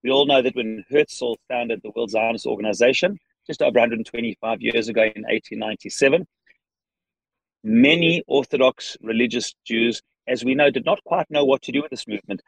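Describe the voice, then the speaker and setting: A man with a South African accent, a podcast guest answering questions earnestly from his parked car, with frequent restarts and pauses. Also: medium pitch, vocal fry, no echo, rough recording. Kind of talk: thoughtful interview answers.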